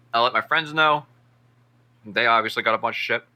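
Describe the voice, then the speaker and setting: A man co-hosting a casual streamed podcast, telling stories animatedly and acting out what people said, with lots of swearing. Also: mid-range voice. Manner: animated storyteller, acts out quotes, lots of swearing. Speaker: podcast co-host. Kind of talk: casual chat.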